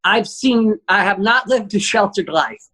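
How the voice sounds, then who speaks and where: A man, a guest comedian telling an animated, profane story and acting out the quotes. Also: high-pitched, unhurried, rough recording.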